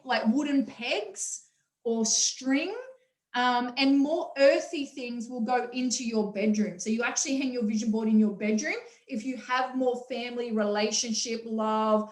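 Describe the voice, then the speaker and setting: Energetic woman hosting a motivational workshop; high voice, echoey room. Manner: energetic, enthusiastic, acts out quotes. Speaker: workshop host. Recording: roomy echo.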